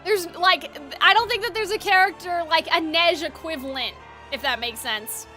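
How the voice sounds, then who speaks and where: A chatty woman streamer with a very high, bright voice, giggling and filling her talk with "like." Soft game music plays behind her as she reacts to a story game. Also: moderate pace. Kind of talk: casual game commentary.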